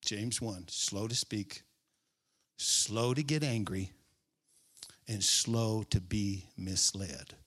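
A male pastor preaching a sermon, repeating key phrases with emphasis, drawing them out and now and then dropping to a hushed aside. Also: on the low side, slow.

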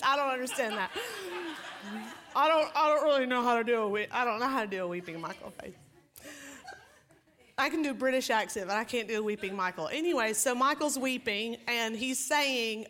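Brief: woman pastor with a bright, highish voice, preaching casually with self-deprecating humor. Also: brisk. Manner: lively, joking, self-deprecating storytelling. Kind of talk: conversational sermon.

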